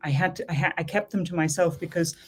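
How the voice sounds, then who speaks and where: A woman's voice: on the low side, fairly even intonation, fast talker, a little hiss or hum. A woman from Ireland, a guest telling her personal faith story in an earnest, emphatic way.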